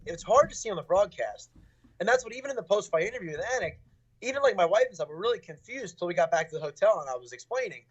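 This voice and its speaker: A man's voice: high-pitched, dull audio. A young adult man, a fighter, talking casually in an interview, rambling with lots of fillers and restarts.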